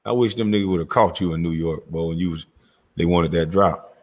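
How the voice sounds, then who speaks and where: A man's voice: low-pitched, brisk. A man giving profane, incredulous reaction commentary on a clip he is watching.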